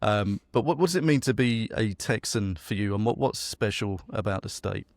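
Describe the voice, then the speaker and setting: A man's voice: lowish voice, lively intonation, moderate pace, no echo, clean studio sound. A man with a British accent hosting a casual interview, chatty and friendly. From Britain. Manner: chatty, friendly, says mate. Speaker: podcast host.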